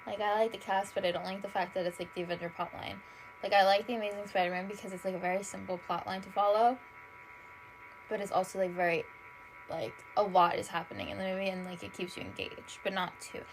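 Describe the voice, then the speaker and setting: A tired young woman talks fast at a medium, level pitch while hosting a casual solo podcast. She rambles, swears freely, and packs "like" into nearly every phrase, gushing in a way she admits is dramatic. The audio is poor, with a bit of hiss or hum.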